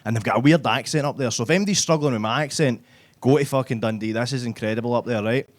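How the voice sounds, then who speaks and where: A fast-talking man with a medium-pitched voice and a Glaswegian accent does live stand-up at a comedy club. He's sweary and brash, bantering with the audience and tacking "right?" onto his lines.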